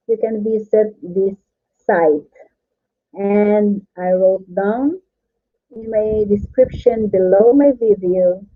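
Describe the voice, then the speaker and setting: A woman teaching on a live stream, patiently repeating each syllable several times. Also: mid-range voice. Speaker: language teacher. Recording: tinny phone-like audio.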